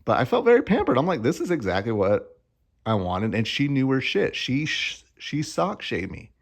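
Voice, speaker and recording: A man's voice: medium pitch, wildly swooping pitch, normal speed, gravelly. A young man vlogging in a casual, rambling way, joking and swearing offhand. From Arizona. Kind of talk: casual chat.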